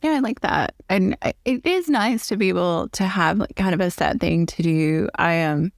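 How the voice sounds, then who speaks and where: Southern woman host with a gravelly voice. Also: on the low side, normal speed, no room sound, studio quality. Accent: Southern American. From American South. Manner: chatty, thinks aloud with restarts. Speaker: podcast host. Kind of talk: casual interview chat.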